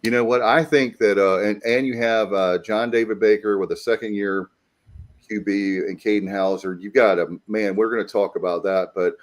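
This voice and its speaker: Low-voiced, upbeat sports show host. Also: male voice, steady tone, normal speed. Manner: enthusiastic, addresses the panel directly. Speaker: podcast host. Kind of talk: casual sports talk.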